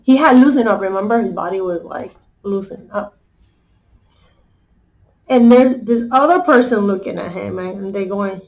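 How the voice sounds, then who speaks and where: A woman's voice: fairly high pitch, moderate pace, low-quality recording. A woman life coach retelling a children's story in a casual, conversational way, often checking in with her listeners.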